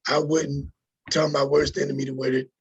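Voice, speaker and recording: A man co-hosting a podcast, chatting casually and haltingly, repeating words. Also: mid-range voice, level tone, gravelly, breathy edge, lo-fi sound. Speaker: podcast co-host. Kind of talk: casual interview chat.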